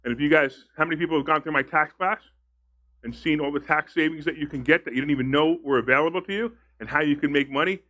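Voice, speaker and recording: This real estate investing instructor speaks quickly in a fairly high, bright voice with a forceful edge. Teaching a live seminar, he chats with the room, tells stories, poses questions to the audience, and acts out both sides of his conversations.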